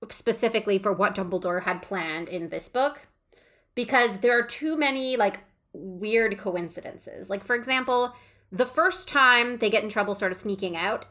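A woman's voice: mid-range voice, a bit bright. Chatty woman analyzing a book. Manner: enthusiastic, analytical, many fillers. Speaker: podcast co-host. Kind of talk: casual book discussion.

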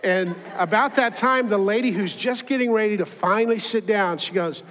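A male pastor with a high, light voice preaches in a church, mixing scripture with a humorous personal story. He talks conversationally and drops into little character voices. His voice carries a long hall reverb. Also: moderate pace, few pauses, a bit bright. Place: church auditorium.

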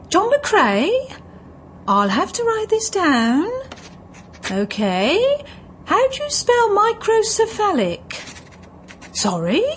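A woman's voice: very high-pitched, a little hiss or hum, exaggerated voice. A woman playing a prim, chirpy female radio station receptionist with a sing-song, overly polite manner in a comedy sketch.

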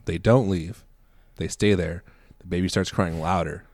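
A man's voice: low-pitched, fairly even intonation, normal speed, a little mellow, no echo, clean studio sound. A man co-hosting a podcast, telling a story in casual chat and laughing often as he talks. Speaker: podcast co-host.

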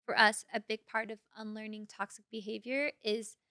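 A young woman co-hosting a casual podcast chat, animated and giggly, filling her talk with "like". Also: medium pitch, normal speed, no echo, clean studio sound. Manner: animated, giggly, many "like" fillers. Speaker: podcast co-host.

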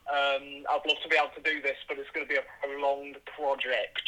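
A man's voice: medium pitch, flat delivery, brisk, bright, forceful tone, lo-fi sound. A man voicing a rambling male pipe layer from Birmingham in a put-on accent that slips, heard as a voicemail played over a phone speaker. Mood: deadpan. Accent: put-on Birmingham, slipping in and out. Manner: rambling, full of ums and uhs. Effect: played back on a phone speaker.

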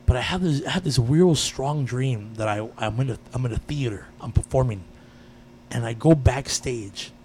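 A man in casual chat, telling a personal story with lively energy and frequent swearing. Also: mid-range voice, slight background noise. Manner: animated storyteller, swears freely.

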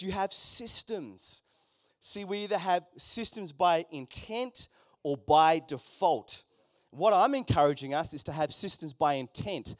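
A man's voice: sits high, no room sound, studio quality. A man preaching a conversational sermon, with joking asides to the congregation in a church. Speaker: pastor.

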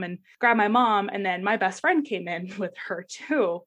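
A woman's voice: mid-range voice, measured pace, hardly any pauses, fairly bright tone. A young woman casually telling a personal story in a podcast chat, laughing often and acting out the voices of the people she quotes. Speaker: guest sharing personal story.

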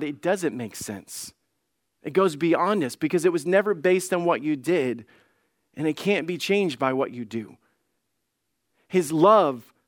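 Male lead pastor, higher-pitched, fervent sermon delivery that swings between loud and soft, dry close-miked sound. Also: dry recording. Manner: impassioned preaching that swings between soft pleading and loud declaration; acts out quoted voices in his telling.

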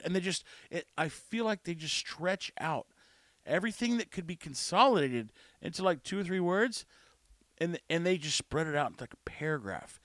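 In his podcast monologue, a man with a slightly high, a bit bright voice and lively intonation rants at normal speed, recorded at studio quality with no echo. Exasperated, he works himself up retelling a frustrating day, repeating parts and quoting dialogue.

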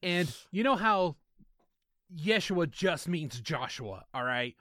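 A man's voice: a little high, animated, takes it slowly, sharp tone. A man with a Southern US accent co-hosting a casual comedy podcast, reading scam emails aloud with sarcastic, mock-dramatic asides and frequent laughter. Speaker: podcast co-host.

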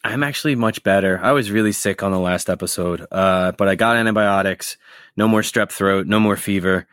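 Casting: low-voiced male co-host, relaxed and rambling, dry close sound. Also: fairly quick, clear, resonant tone, no room sound. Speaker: podcast co-host. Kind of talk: casual podcast chat.

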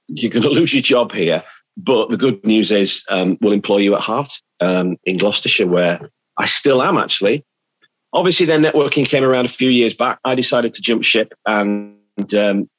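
Brief: middle-aged English man, husky and low, dry close mic, chatty storyteller. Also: no echo, low-quality recording. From England. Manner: chatty storyteller, animated anecdotes. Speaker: radio presenter, podcast guest. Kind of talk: casual chat.

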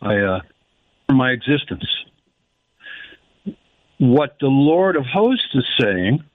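A man calling in on a tinny phone line that sounds dry and close. He speaks haltingly and reflectively, slowing right down to stress the phrases he quotes. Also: medium pitch, sing-song, dry recording. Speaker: caller. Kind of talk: phone-in call.

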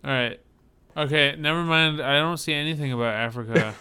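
A man co-hosts a casual chat in a bright, forward voice. His talk wanders and hesitates, with a dry sense of humor. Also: fairly high pitch, brisk, clean tone. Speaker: podcast co-host. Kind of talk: casual chat reacting to movie trailers.

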